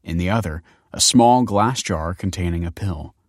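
Deep low guy reading a story aloud, wry and steady, super dry sound. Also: normal speed, no echo. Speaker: narrator. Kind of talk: scripted narration.

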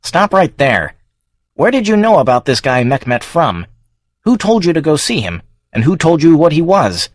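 A male narrator voicing a congressman who questions a witness bluntly and demandingly, a bit higher than his narration. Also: expressive, moderate pace, no room sound, clean studio sound, lightly acted. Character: gruff male congressman interrogator.

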